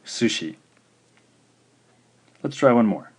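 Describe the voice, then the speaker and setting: A man teaching in a recorded video lesson, patient and slow, saying each syllable out clearly. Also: mid-range voice, lively intonation, darkish tone. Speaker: language teacher.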